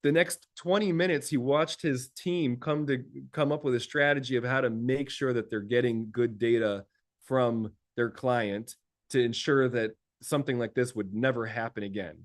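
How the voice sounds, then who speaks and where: A man's voice: mid-range voice, normal speed. A man working as an executive coach, talking casually and telling stories with frequent laughter and repeated words. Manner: lively storyteller who laughs often; repeats words while thinking. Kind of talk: casual conversational talk.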